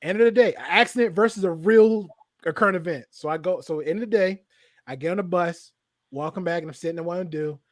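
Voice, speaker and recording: A man with a faint Southern drawl tells long stories in casual chat. He swears freely and acts out other people's lines as he goes. His voice sits a little high and the sound is dry and close. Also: fast talker, no echo. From American South. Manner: animated storyteller, acts out quotes, swears casually.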